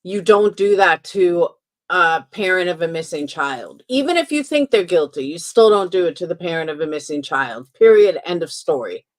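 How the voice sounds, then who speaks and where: A woman's voice: fairly low pitch, expressive, normal speed. A woman hosting a commentary stream, giving emphatic, opinionated reactions in a casual way. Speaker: commentary channel host.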